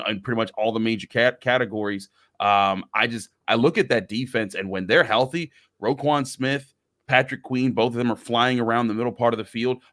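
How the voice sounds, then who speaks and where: Male sports podcast host, mid-pitched. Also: fairly bright tone, no echo, studio quality. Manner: conversational, stammering restarts. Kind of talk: casual sports podcast chat.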